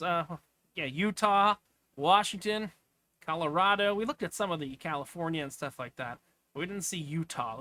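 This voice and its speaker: A man's voice: high voice, pushed and bright. A man giving casual, off-the-cuff commentary as he clicks through travel listings, rambling with asides. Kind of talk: casual screen-share commentary.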